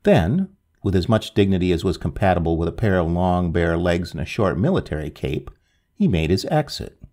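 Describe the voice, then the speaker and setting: A man reading a Victorian ghost story aloud with a dramatic, expressive delivery. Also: sits low, moderate pace.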